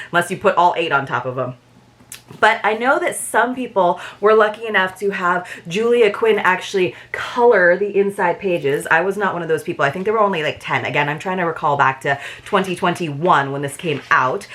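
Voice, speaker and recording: A woman's voice: lowish voice, fairly bright tone. A young adult woman chatting informally while unboxing a book subscription, with frequent 'like' and 'um'. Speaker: book box reviewer. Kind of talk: casual unboxing vlog.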